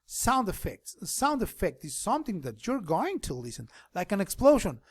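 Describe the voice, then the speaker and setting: A man teaching an online class, explaining things slowly and switching between English and Spanish. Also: high-pitched, huge pitch swings, breathy edge, no room sound.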